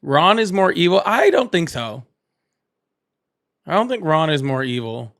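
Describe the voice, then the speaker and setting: A man hosting a live political call-in stream, blunt and argumentative, quick to cut callers off. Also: a little high, big pitch swings, a bit bright. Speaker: livestream host.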